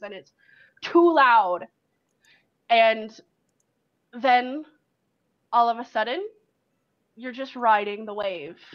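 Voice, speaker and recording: A woman game master narrating a tabletop game in second person, in a loose way full of likes and ums. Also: fairly high pitch. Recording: dull lo-fi recording.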